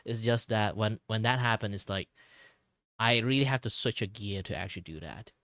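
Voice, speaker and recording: A man's voice: fairly low pitch, normal speed, a bit bright, dry recording, clean studio sound. A young man from Malaysia chatting casually on a stream, rambling with lots of "like" and repeated words. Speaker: streamer, artist.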